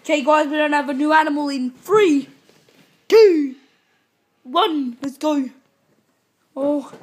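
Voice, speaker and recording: A woman vlogging as she jokingly spots animals, excitable, going from hushed to yelling. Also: high voice, slow pace. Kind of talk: joking mock wildlife spotting.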